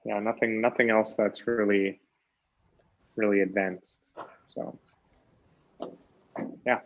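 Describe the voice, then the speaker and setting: A man teaching English grammar in a relaxed, chatty way, full of fillers and restarts. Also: fairly low pitch, takes it slowly. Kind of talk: casual teaching chat. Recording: dull lo-fi sound.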